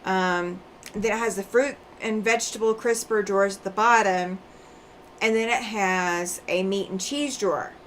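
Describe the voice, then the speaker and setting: A woman's voice: medium pitch, steady tone, normal speed, fairly bright tone, slight background noise. A woman hosting a quilting livestream, chatting casually and laughing often while she sews and reads out viewer comments; she sounds tired after road travel.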